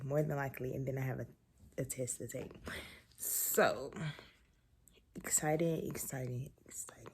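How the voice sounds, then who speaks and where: A woman's voice: fairly low pitch, gravelly. Chatty young woman vlogging. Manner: chatty, addresses viewers as y'all, excitable and ranting. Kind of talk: casual vlog chat.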